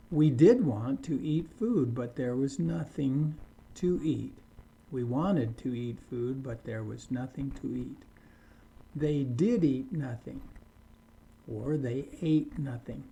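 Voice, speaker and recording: A man teaching an English grammar lesson, saying example sentences slowly and deliberately. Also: medium pitch, mellow. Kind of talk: slow scripted grammar lesson.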